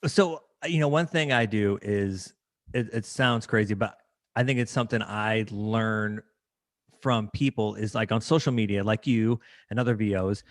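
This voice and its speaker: Eager podcast host, slightly low voice. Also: male voice, moderate pace, dry recording, clean studio sound. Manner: enthusiastic, stumbles and repeats words. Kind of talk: casual podcast interview.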